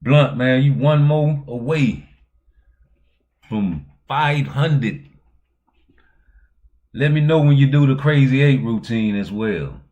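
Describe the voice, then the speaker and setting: A man hosting a boxing talk show, chatting casually in animated, slangy, profane language. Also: medium pitch, takes it slowly, pauses often, muffled recording. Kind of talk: casual chat.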